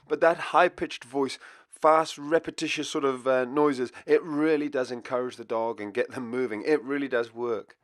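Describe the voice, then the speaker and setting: A man teaching viewers how to train a puppy, talking in an easygoing explanatory way. His voice sits in a middling pitch and the sound is dry and close, with no room around it. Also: normal speed, no room sound. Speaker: dog trainer. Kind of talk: instructional video narration. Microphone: voice-over for part.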